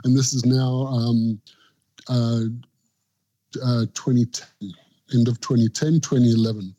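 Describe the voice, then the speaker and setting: A man's voice: medium pitch, steady tone, measured pace, warm tone. A middle-aged Australian man, a barbecue pitmaster being interviewed, telling long anecdotes in casual chat and acting out what people said to him. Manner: rambling anecdotes, acts out quoted voices.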